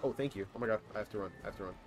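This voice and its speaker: A man's voice: lowish voice, racing. A young man streaming a co-op game live, reacting in exasperation to his partner and reading his chat. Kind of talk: live gameplay commentary.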